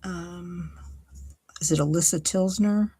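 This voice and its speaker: Making a paper card on a casual crafting livestream, this host from Ohio, USA, chats and thinks aloud as she cuts and glues. She speaks slowly in a lowish, dark, slightly rough voice with fairly even intonation.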